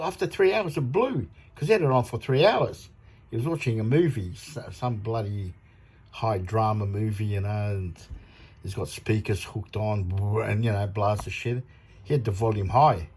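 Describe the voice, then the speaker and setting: In a casual product vlog about audio amp parts, a man chats in a rambling, excitable way and laughs often. His voice sits at a medium pitch with a breathy edge.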